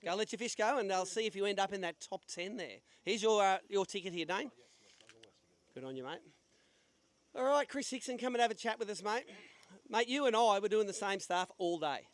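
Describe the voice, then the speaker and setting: Upbeat high-voiced MC. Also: male voice, lively intonation, a little fast. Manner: chatty, upbeat, jokey banter. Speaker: tournament weigh-in host. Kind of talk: live event hosting and quick interviews. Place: outdoor weigh-in stage at a sailing club.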